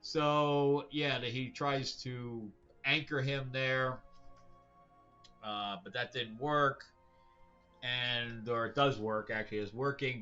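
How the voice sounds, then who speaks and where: Male host, bright forceful voice, loose and blunt, slightly dull recording with faint music under it. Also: medium pitch. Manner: rambling, with frequent fillers and restarts; blunt, opinionated. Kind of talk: casual comic book review.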